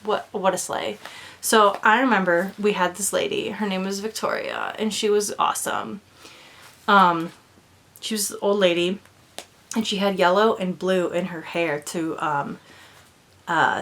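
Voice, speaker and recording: A woman's voice: medium pitch, fairly bright tone. Bubbly young woman rambling casually. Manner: rambling, bubbly, lots of fillers, drops to a whisper at times. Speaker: doll vlogger. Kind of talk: casual chat.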